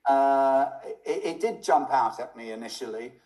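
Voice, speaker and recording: A man talking casually in an interview, relaxed and a little hesitant. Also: medium pitch, moderate pace, low-quality recording.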